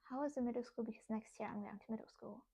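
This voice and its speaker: A young woman chats casually on a livestream as she works on crafts. Her voice sits a little higher than most, and she rambles from one thought to the next, amused at herself. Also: fairly even intonation, fast, vocal fry, dark tone, breathy edge. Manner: chatty, rambling, self-amused. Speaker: artist streamer.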